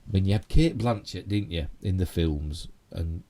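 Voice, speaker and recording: Deep, dark-voiced Yorkshire man rambling. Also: moderate pace. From Yorkshire, England. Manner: rambling, full of "you know" and tag questions. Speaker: live stream host. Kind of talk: casual live stream commentary on geek news.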